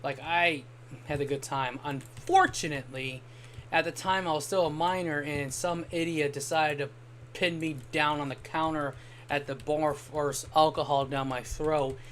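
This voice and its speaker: Streaming a game, this young man tells meandering stories in a casual chat, with the occasional swear word. He has a fairly high, slightly bright voice, keeps his intonation fairly even, and speaks at a measured pace; there's a bit of background noise.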